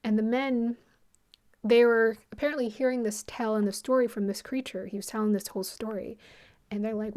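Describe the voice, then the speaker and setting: A woman hosting an astrology channel, casually retelling a film in a rambling, animated way with quick quoted asides. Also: fairly high pitch.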